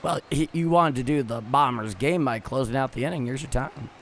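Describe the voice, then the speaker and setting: Man, stream host, baseball chat, measured, mid-pitched voice, faint background hiss. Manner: measured, reads out chat messages. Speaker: host of the livestream. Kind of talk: livestream baseball chat and commentary.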